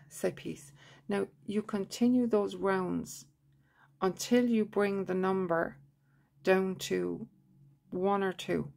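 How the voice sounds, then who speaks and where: A woman teaching a tapping technique, leading slow, repetitive guided affirmations in a soft voice. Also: mid-range voice, steady tone. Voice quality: gravelly, husky voice.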